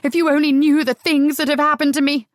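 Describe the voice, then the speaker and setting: A woman's voice: on the high side, slow pace, no echo, studio quality. A woman voicing a drunk, bitter young woman who talks in a sneering, cutting way.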